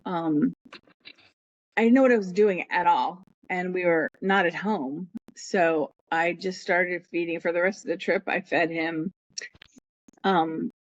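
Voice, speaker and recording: A middle-aged woman tells a personal story in a rambling, heartfelt way, slipping into the voices of the people she quotes. Her voice comes through a dull, muffled line with no room echo. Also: medium pitch. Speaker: podcast guest.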